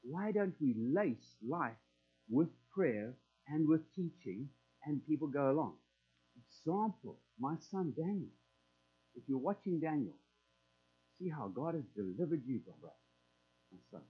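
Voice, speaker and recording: Middle-aged male preacher, high voice, folksy sermon delivery, tinny phone-line sound. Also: very animated, measured pace. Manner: conversational and folksy, acting out prayers in quoted voices.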